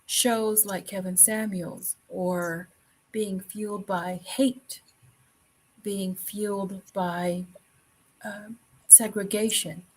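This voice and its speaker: Speaking very slowly in a husky, steady medium-pitched voice, a female podcast host makes earnest talk show conversation. She repeats phrases and leans on many fillers, and the recording sounds rough.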